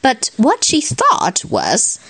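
A mother with a Chinese accent, whose first language is Mandarin, reads a picture book aloud to her child in a lively way and explains it as she goes. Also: high-pitched, slow, slightly rough, dry recording. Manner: lively, mixes English reading with Mandarin explanations. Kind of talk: shared picture-book reading.

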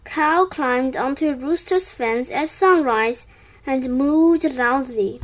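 Slow, high-voiced woman reading a storybook. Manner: slow, clear and expressive. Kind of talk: children's storybook read-aloud.

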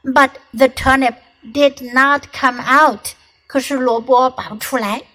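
A young woman teaching English to children. She reads a picture book aloud slowly and expressively, then explains each line. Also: high-pitched, poor audio. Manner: slow, expressive storybook reading with bilingual explanations.

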